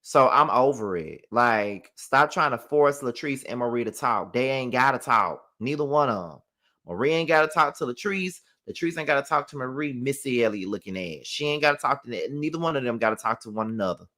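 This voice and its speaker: Sassy animated man reviewing reality TV. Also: medium pitch, brisk. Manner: sassy, animated, heavy swearing. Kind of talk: casual live show review.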